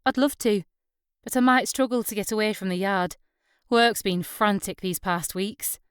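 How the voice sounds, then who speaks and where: A woman's voice: mid-range voice, normal speed, clean tone, dry recording, studio quality, lightly acted. A woman voicing a friendly, shy young Northumbrian woman in an audiobook, with a Northumbrian accent. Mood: warm, shy.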